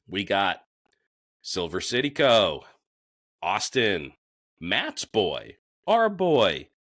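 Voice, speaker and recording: A man co-hosting a podcast, reading sponsor shout-outs in a crude, joking way with plenty of swearing. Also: sits low. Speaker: podcast co-host.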